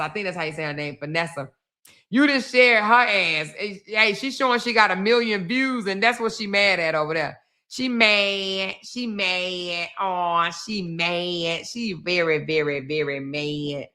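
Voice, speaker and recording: Bright-voiced sassy woman streamer. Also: on the high side. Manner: sassy, teasing, laughs often. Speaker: live-stream host. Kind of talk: casual live-stream commentary.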